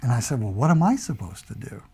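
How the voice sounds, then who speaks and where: A man's voice: medium pitch, fast talker, breathy edge. An older American man, a retired Air Force veteran, telling his stories in an oral history interview and acting out the dialogue he quotes. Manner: relaxed anecdotal storytelling, acts out quoted dialogue.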